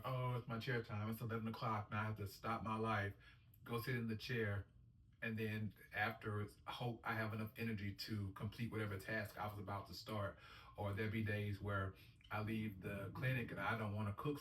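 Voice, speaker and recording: A man's voice: on the low side, fairly bright tone, slight background noise. A man, a dialysis patient, telling his story in an earnest, upbeat way, acting out quotes, recorded on a distant mic in a roomy space. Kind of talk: casual personal storytelling.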